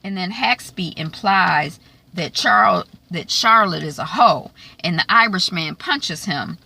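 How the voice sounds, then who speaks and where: A woman recapping a TV episode in a chatty, animated way, full of fillers and asides. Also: lowish voice, slow pace, creaky, husky. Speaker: TV recap vlogger. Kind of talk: casual recap and predictions.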